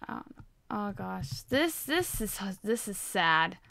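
A woman's voice: mid-range voice, big pitch swings, slow pace, creaky, pushed and bright, no room sound. A young woman chatting through a building game, rambling and poking fun at herself. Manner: chatty, self-mocking, rambling. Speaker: gaming channel host. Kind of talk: casual gameplay commentary.

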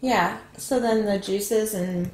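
A woman's voice: medium pitch, slow, darkish tone, reverberant. A woman hosting a home cooking video, chatting casually as she explains each step. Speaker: cooking channel host. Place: home kitchen.

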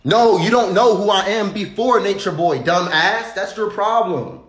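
A man's voice: sits high, unhurried, fairly bright tone, roomy sound. A young man in a passionate, swearing monologue, preaching at his viewers and calling them bro. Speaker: online personality.

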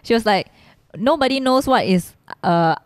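A woman's voice: fairly high pitch, expressive, normal speed, no room sound. A young woman, chatting casually and passing on things she read online. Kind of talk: casual chat.

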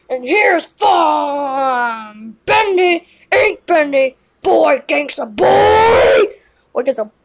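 A woman voicing a hyper, excitable young cartoon girl who squeals and gushes like an overjoyed fan. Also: extremely high pitch, creaky, heavily acted, low-quality recording. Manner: squealing, shrieking, gushing fan.

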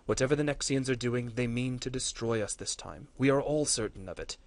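A man voicing a grave, imposing male warrior lord in a story reading, speaking low, solemn and measured. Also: natural voice.

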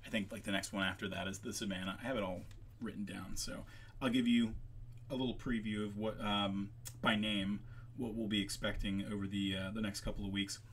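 Guy streaming and chatting loosely, kinda gravelly, lots of ums, wanders off topic, lowish voice. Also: flat delivery, fairly quick, a bit bright, a little hiss or hum. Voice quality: gravelly at times. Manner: rambling, goes off on tangents with many ums. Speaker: livestream host making maps. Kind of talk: casual livestream chat.

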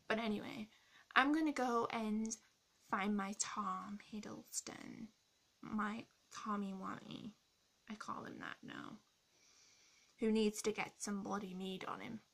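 A rude young woman who hates Christmas sneers at her viewers in a gravelly, fry-edged voice, played by a woman. She is sarcastic and mocking, a role-play character in a vlog. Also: mid-range voice, fairly even intonation, slow pace. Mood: sulky.

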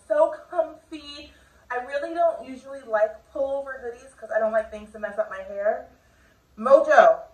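A young woman rambles happily through a try-on haul at home, chatty and bubbly, her voice sitting slightly high. The audio is roomy and echoey, as if the camera mic is a few feet away. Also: a little mellow, far from the mic. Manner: chatty, bubbly, drawn-out filler words. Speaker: fashion vlogger. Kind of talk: casual try-on haul chat. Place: home room.

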